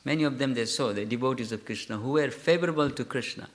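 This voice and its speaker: A man teaching a scripture class, telling a story in a halting way, correcting himself and putting questions to his listeners. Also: medium pitch. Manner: halting, self-correcting, asks the audience questions. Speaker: lecturer.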